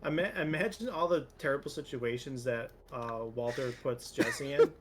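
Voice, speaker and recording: A man streaming a game with a friend, chatting in a relaxed, rambling way and swearing freely. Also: medium pitch, normal speed. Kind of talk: casual gaming chat.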